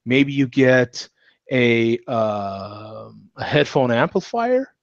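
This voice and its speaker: Male live-show host, casual chat, rambling with many fillers; mid pitch, dry, dull sound. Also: expressive, slow pace, dry recording. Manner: laughs often. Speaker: host of an online beer talk show.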